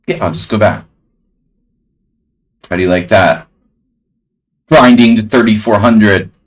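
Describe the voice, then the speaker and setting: Male chess streamer, very low voice, loose rambling live commentary to chat. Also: takes it slowly, pauses often. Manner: casual, rambling, talks to chat.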